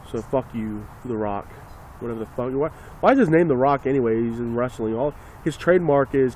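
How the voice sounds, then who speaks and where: A man's voice: mid-range voice, brisk, a little mellow, a little hiss or hum. A man ranting casually and sarcastically into a phone, rambling and swearing as he talks. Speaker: vlogger.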